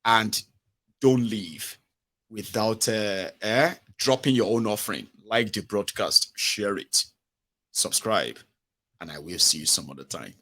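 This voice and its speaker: A man's voice: fairly low pitch, measured pace, fairly bright tone. A man with a Nigerian accent hosting a live-stream political commentary, talking in a mocking way and slipping into pidgin. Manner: mocking, acts out quoted voices, mixes in pidgin. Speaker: host.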